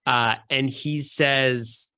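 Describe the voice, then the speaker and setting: Relaxed man narrating as game master. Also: mid-range voice, drawn-out words, smooth. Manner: relaxed, hesitant narration with many fillers.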